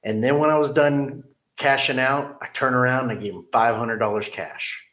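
A man's voice: mid-range voice, normal speed, fairly bright tone. A middle-aged man, a car dealership manager, telling a personal story in a casual interview, earnest and plain-spoken, repeating his key phrases.

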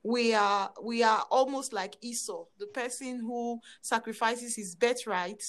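A woman's voice: on the high side, unhurried. Affirming woman hosting a faith podcast. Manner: affirming, quotes scripture, frames long questions. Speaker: podcast host. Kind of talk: faith-based interview podcast.

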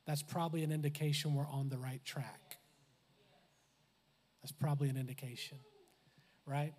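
A man with a high voice preaches in a lively, conversational way. He laughs, adds asides and acts out quoted voices as he speaks. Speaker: pastor. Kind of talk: sermon.

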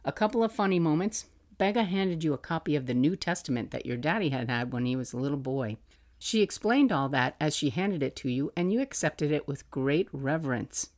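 A middle-aged woman, a podcast host, fondly reading aloud from a journal she kept for her young son, with soft laughs. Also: low-pitched, animated, brisk.

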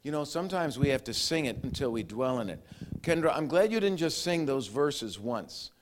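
Animated preaching man, lively pitch. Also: moderate pace, a little hiss or hum. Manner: animated preaching, acts out quotes, growls and laughs. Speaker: pastor. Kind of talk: sermon.

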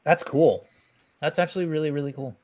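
A man's voice: a little high, a little fast, a little mellow. A man chatting casually and enthusiastically about a video game. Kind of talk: casual game discussion chat.

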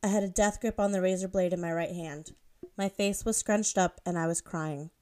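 A woman author reading her own fan fiction aloud in a steady, plain voice. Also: on the low side, moderate pace. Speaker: author and reader.

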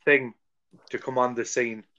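Guy hosting a podcast, mid-pitched, chatty and gushing, keeps it jokey. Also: level tone, moderate pace, sharp tone, lo-fi sound, a little hiss or hum. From Ireland. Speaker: podcast host. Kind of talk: casual chat.

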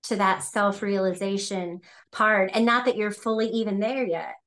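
A woman's voice: mid-range voice, fairly even intonation, moderate pace, a bit bright. A woman hosting a casual interview podcast, rambling through her questions and restarting them as she goes. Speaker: podcast host.

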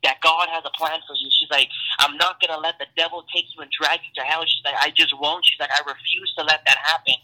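A man's voice: on the high side, bright, forceful tone, poor audio. A young man giving an earnest personal testimony as a podcast guest, talking casually with many fillers. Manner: earnest, storytelling with lots of fillers.

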